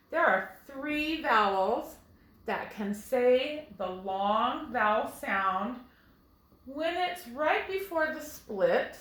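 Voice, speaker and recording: A woman teaching a phonics lesson to first graders at a whiteboard, explaining slowly and clearly with patience. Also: a little high, a bit bright, reverberant, poor audio. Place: classroom with a whiteboard.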